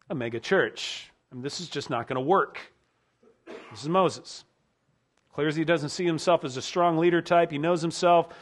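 A male pastor preaching a sermon earnestly, often dropping low and quiet to stress a point.

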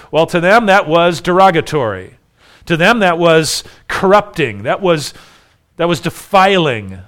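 A man's voice: a little high, big pitch swings, a little slow, fairly bright tone. A man preaching a sermon, emphatic and full of rhetorical questions, often repeating his phrases. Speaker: pastor.

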